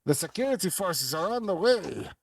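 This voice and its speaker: A man doing a brisk dockmaster's warning. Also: high voice, big pitch swings, vocal fry, recorded from a distance, a little hiss or hum, pitched above the performer's own voice, exaggerated voice. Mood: urgent. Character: brisk male assistant dockmaster giving a warning.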